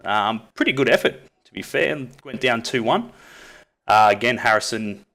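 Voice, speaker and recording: A chatty Australian man hosting a football podcast in an easy, casual way. He laughs often and fills his pauses with "um" and "obviously". His voice sits at an ordinary middle pitch. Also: gravelly, fairly bright tone. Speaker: podcast host.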